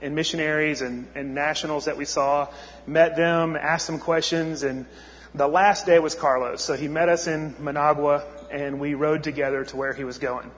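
A man's voice: fairly high pitch, fairly even intonation, moderate pace, a bit bright. Man telling a story in an echoey hall. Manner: conversational, frequent "like" and restarts. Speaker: missionary speaker. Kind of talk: storytelling sermon. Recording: echoey hall, muffled sound.

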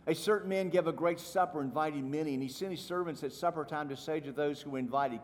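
A man preaching a sermon as pastor, emphatic, swinging from soft asides to loud stressed phrases. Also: a little high, fast, hardly any pauses. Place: church sanctuary. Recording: echoey hall with faint room noise.

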